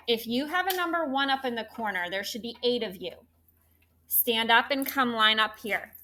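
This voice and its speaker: Bright, slightly high woman teacher leading a third grade class through coaxing phonics drills. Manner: animated, coaxing call-and-response questions.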